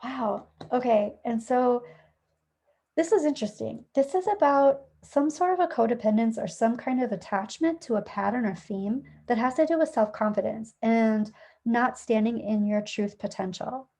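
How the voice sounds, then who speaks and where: A woman's voice: on the high side, normal speed, a little mellow. A woman giving a casual, chatty tarot reading at home, thinking aloud and correcting herself as she goes. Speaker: tarot reader. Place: at home with a dog nearby.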